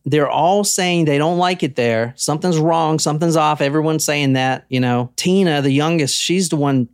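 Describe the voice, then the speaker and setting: A man's voice: a little high, smooth, no room sound, studio quality. A man hosting a podcast, telling a true haunting story in a loose, casual way, swearing freely and filling gaps with "like" and "you know.".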